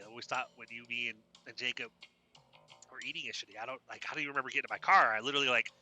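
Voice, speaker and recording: A man's voice: mid-range voice, bright, forceful tone. A man voicing a frightened young woman lost in a forest, talking in a panicky, breathless rush.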